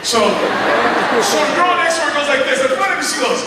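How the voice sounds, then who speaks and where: A man giving a motivational speech at a school assembly, telling stories with animated, joking energy and talking straight to the students. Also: very high voice, brisk. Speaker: motivational speaker. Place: large high school gym. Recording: echoey gym from far off, audience noise.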